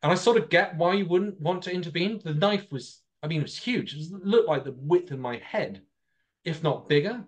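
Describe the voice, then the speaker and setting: A man's voice: a little high, normal speed. A man, a podcast host telling a long story in a casual political discussion. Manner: animated storytelling, long run-on turns.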